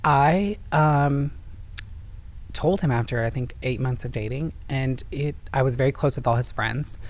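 A woman's voice: a bass voice, measured pace, darkish tone. A woman from Indiana, telling her personal story earnestly and emotionally as an interview guest. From Indiana, USA.

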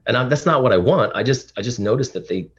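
A man's voice: medium pitch, animated, quick pace, husky, lo-fi sound. A man in his thirties, a podcast guest, talking earnestly and emotionally in casual interview chat, often restarting his sentences. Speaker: podcast guest, dad influencer.

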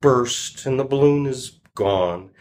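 A man's voice: medium pitch, slow pace, darkish tone, lightly acted. A man voicing a small timid piglet who eagerly explains his gift while retelling a children's story. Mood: earnest.

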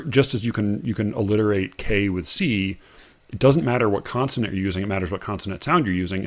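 A man in casual conversation, halting and self-interrupting as he picks apart rhyme and stress in verse. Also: fairly low pitch. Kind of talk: casual conversation about poetry and rap.

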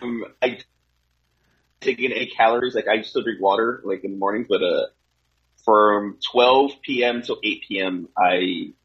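A middle-aged man with a fairly low voice co-hosts a casual podcast chat and rants excitably, swearing freely. His sound comes through dull and lo-fi, as if from a weaker mic. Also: moderate pace. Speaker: podcast co-host.

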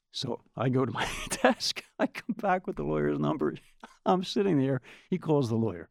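Older man spinning a lively anecdote. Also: mid-range voice, normal speed, creaky, no echo, clean studio sound. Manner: animated, acts out quoted voices. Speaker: guest storyteller. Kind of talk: anecdote in casual chat.

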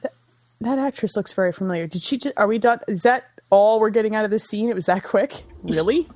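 A woman's voice: mid-range voice, a little mellow. A woman co-hosting a casual movie riff, trading sarcastic jokes and laughing with her co-host. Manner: sarcastic, laughing, rapid banter.

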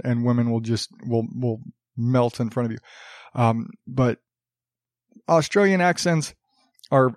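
A man's voice: medium pitch, dry recording. Rambling casual podcast man, dry sound. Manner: rambling, heavy fillers and restarts, frequent swearing. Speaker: podcast host. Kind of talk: casual solo podcast chat.

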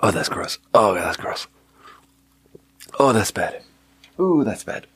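A man's voice: on the low side, very animated, slow pace, long pauses, a bit bright, husky. A man hosting a casual late-night solo podcast, talking in a wry, self-mocking way and swearing freely.

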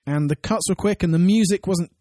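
A man's voice: sits high, brisk, warm tone, dry recording, clean studio sound. A man co-hosting a podcast, talking through episodes in an analytical, wry way. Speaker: podcast co-host. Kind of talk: casual chat.

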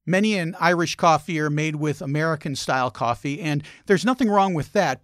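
A man's voice: a little high, fairly bright tone, no echo, studio quality. A man hosting a travel and food show, narrating wry anecdotes in a scripted style.

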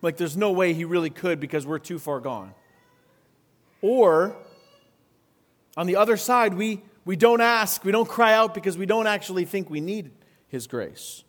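High-voiced man preaching conversationally. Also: normal speed, long pauses. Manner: conversational, asks the congregation frequent questions. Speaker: pastor. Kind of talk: sermon.

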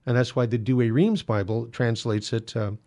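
Gravelly man explaining church teaching. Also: mid-range voice, fairly even intonation, moderate pace, warm tone. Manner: conversational, frequent fillers and restarts. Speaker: Catholic apologetics host. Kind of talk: casual explanatory monologue.

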